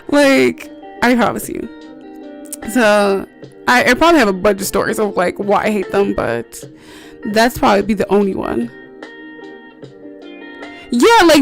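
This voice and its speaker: A woman's voice: on the high side, creaky. A woman streamer chatting casually while playing a game, rambling through stories with lots of filler words, swearing freely and laughing often.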